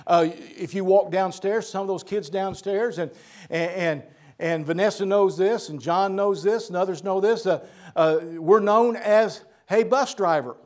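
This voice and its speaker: A man's voice: sits high, unhurried. An older man who is a pastor, preaching a sermon to his church in an earnest way, often repeating words as he lists points. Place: church sanctuary.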